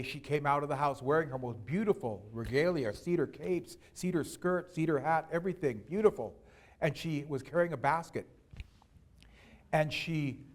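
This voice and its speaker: A man telling a traditional story aloud to an audience, unhurried and repeating words for emphasis. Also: fairly high pitch. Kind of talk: oral storytelling to a live audience.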